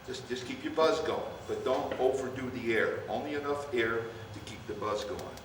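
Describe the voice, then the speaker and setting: An older man conducting a band rehearsal, coaching players and calling out cues in an animated way. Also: mid-range voice, normal speed. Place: large rehearsal hall. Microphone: distant room mic. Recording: far-off echoey hall, noisy.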